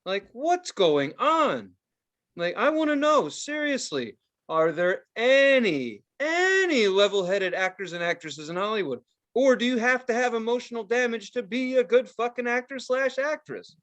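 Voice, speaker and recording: A man on a casual podcast, talking in a high voice that swings wildly up and down. He rants in an animated, profane way, with lots of cursing and exaggerated outbursts. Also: unhurried, highs cut off. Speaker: podcast co-host. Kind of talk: casual chat.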